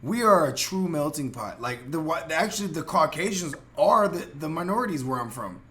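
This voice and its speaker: This San Jose podcast host sounds rather high and fairly bright, with lively intonation at a normal pace. His casual talk is rambling, heated, and profane, peppered with fillers and restarts.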